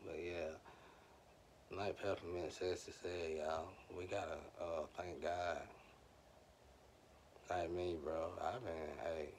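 A man's voice: deep voice, flat delivery, takes it slowly, pauses often, a little hiss or hum. A man telling loose, slangy stories in a rambling monologue, speaking straight to his viewers.

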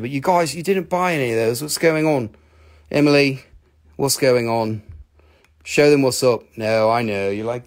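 Medium in pitch and normal in speed, a man runs a live stream selling crystals. His chat is loose and jokey, wandering from point to point, with plenty of swearing and self-mockery.

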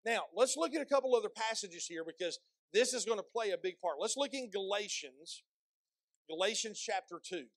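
A male pastor preaching a sermon, asking the congregation questions and slowing down to read scripture aloud with emphasis. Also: high voice, expressive, fairly bright tone, no echo. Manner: slows and stresses when reading scripture aloud; repeats words and restarts phrases, asks the congregation questions.

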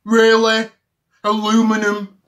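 A man's voice: very high-pitched, moderate pace, a bit bright. A man playing an outraged English football fanboy. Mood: ranting. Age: 30s. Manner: indignant, repetitive ranting. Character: ranting English football fan, man in mid-thirties, easily offended. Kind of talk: comedy sketch rant to camera.

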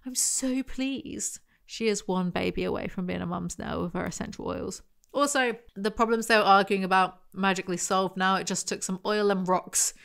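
A woman reviewing a novel out loud, reading passages and breaking in with sardonic, casually sweary commentary. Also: medium pitch, fairly even intonation, fairly quick, vocal fry, clear, resonant tone. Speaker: book reviewer. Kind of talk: reading aloud with mocking commentary.

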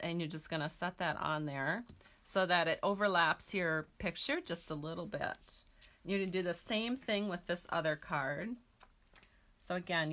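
Bright, chatty woman teaching a craft. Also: on the low side. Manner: chatty, talks to viewers while working. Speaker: stamping craft demonstrator. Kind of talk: casual craft tutorial.

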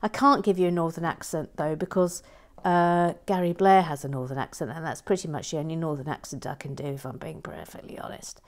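A woman hosting a Lego build channel, reading viewer comments playfully and whispering softly while building. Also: low voice, steady tone, brisk. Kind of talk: casual chat and soft whispered building commentary.

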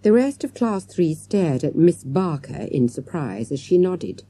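Husky-voiced woman reading a storybook. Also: deep voice, measured pace. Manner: expressive storytelling. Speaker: audiobook narrator. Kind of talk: scripted narration.

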